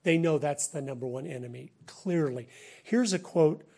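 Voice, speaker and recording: Middle-aged American man, slightly high voice, animated preacher delivering a conversational sermon. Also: moderate pace, vocal fry, breathy edge. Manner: animated, conversational, laughs between points. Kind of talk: sermon-style talk.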